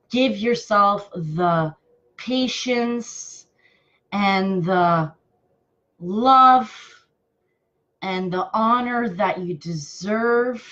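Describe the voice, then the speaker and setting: A woman giving live card readings to viewers, affectionate and halting, with many fillers and restarts. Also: mid-range voice, lo-fi sound. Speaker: intuitive card reader.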